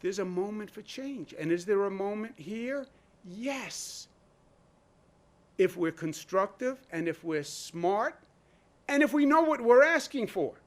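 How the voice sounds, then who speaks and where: Emphatic rhetorical man, high voice. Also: animated, slow. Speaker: state governor. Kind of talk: press briefing speech.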